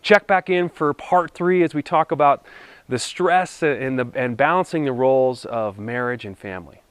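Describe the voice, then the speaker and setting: A man speaking as a marriage counselor, giving calm, measured advice straight to the listener. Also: medium pitch, smooth, no echo. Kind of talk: scripted talk-to-camera advice.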